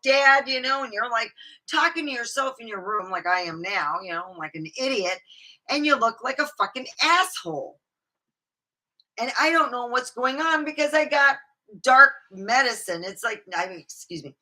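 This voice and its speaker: A woman's voice: medium pitch, bright, forceful tone. A woman talking alone in her room in a rambling, swearing vlog monologue, laughing at her own jokes. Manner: rambling, swearing, jumps between topics. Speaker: vlogger.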